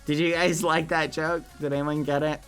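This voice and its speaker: A young man streaming a game and talking to his chat, excitable, shooting up high when surprised and swapping swears for silly words. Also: normal speed, smooth, faint music behind.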